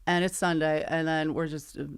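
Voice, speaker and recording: A middle-aged woman on a podcast, one of its co-hosts, tells a story chattily, re-enacting messages and dialogue amid plenty of laughter. Her voice is deep and clean with little pitch movement, and her pace is fairly quick.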